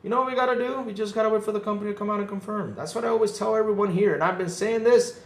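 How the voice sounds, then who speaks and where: Male podcast host, high, animated and profane on a casual livestream, roomy echo. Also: racing, few pauses. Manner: animated, swears freely, acts out quotes.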